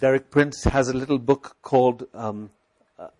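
A man's voice: medium pitch, normal speed, darkish tone. A man preaching a sermon, urging his listeners with repeated rhetorical questions and scripture recited aloud. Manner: exhorting, repetitive, rhetorical questions.

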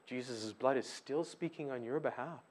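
A middle-aged man preaching a sermon as a pastor, swinging between loud emphasis and hushed, quiet stretches. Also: medium pitch, normal speed.

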